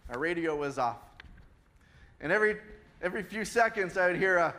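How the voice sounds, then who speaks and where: Quick, expressive, and forceful, the high, bright voice belongs to a middle-aged pastor addressing his congregation in church. He keeps the sermon conversational, often turning questions toward the people in the pews.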